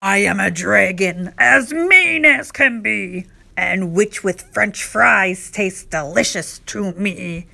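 A woman voicing a big, mean male dragon in a storybook, speaking slowly with menace. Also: medium pitch, creaky, pushed and bright, heavily acted. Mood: menacing.

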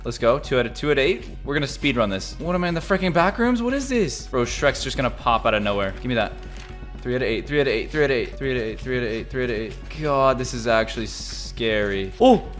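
A young man hosting a gaming video, giving excited play-by-play that jumps between low mutters and sudden yelps and shouts. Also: quick pace, faint music behind. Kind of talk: excited gameplay commentary.

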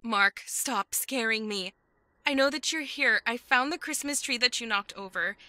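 A woman's voice: fairly high pitch, moderate pace, pushed and bright, no echo. An actress voicing an anxious young woman, the player's girlfriend in a horror game, asking worried, pleading questions. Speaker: game character.

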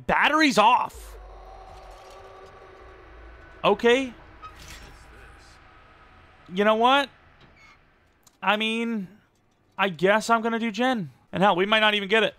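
A young man with a gravelly, creaky edge talks through a video game match, rambling and poking fun at his own play. His voice sits a little higher than most men's, and he bursts into sudden excited outbursts. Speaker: gaming YouTuber. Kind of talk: live gameplay commentary.

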